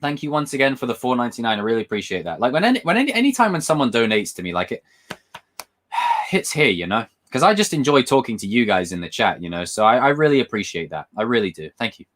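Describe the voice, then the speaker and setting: A young man hosting a casual livestream, talking excitably and rambling, often repeating himself. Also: mid-range voice, fast talker. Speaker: livestream host. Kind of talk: casual live-stream chat.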